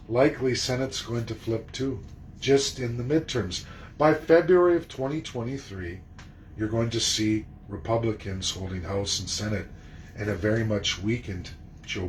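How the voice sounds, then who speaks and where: A man's voice: medium pitch, slight background noise, low-quality recording. A man delivering an emphatic, indignant political monologue, throwing rhetorical questions at his audience and swearing freely. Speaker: political commentator.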